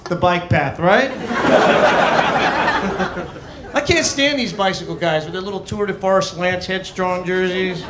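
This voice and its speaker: A man's voice: high voice, background noise. A man from Arizona doing a stand-up comedy set on a club stage, with a brash, mocking, punchy delivery into a handheld mic. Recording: echoey club with audience laughter.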